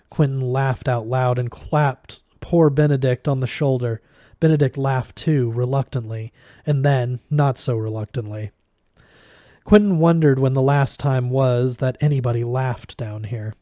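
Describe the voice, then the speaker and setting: A man reading a novel aloud, steady with small stumbles. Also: mid-range voice, unhurried, no echo, studio quality. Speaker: audiobook reader.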